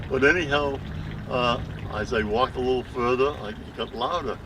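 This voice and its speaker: A man's voice: medium pitch, moderate pace. An older man, a mayor, telling a humorous personal story at an outdoor dedication ceremony in a rambling, folksy way. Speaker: mayor giving a dedication speech. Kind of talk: anecdotal ceremony speech. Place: outdoors at a cemetery. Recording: distant mic with outdoor noise.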